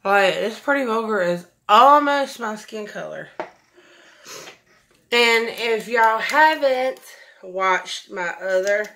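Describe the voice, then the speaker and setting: A woman's voice: mid-range voice, animated, slow, fairly bright tone, slight background noise. Effusive woman chatting about makeup. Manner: chatty, effusive, says y'all a lot. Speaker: beauty vlogger. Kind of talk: casual makeup tutorial chat.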